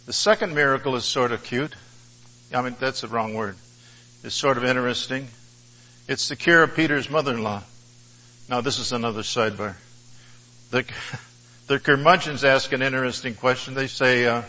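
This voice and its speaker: A man's voice: mid-range voice, moderate pace, bright, forceful tone, low-quality recording. A man preaching a sermon in a conversational, folksy way, with humorous asides and storytelling.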